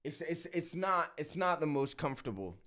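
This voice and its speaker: A man's voice: fairly high pitch, sing-song, moderate pace, a bit bright. A man streaming live and reacting to rap battles, giving frank and candid opinions and often repeating words as he thinks aloud. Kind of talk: casual reaction commentary.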